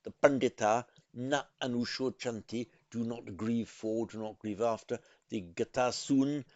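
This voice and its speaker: A man teaching a language lesson in a careful, methodical way, pausing to correct himself. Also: mid-range voice, fairly even intonation, a little mellow, no room sound, dull audio. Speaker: Sanskrit teacher. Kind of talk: explanatory lesson.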